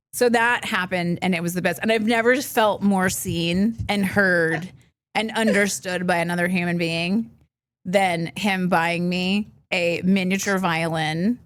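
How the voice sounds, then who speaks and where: A woman co-hosting a podcast, telling an animated story in casual chat and laughing often, recorded on a studio microphone. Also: lowish voice. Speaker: podcast co-host.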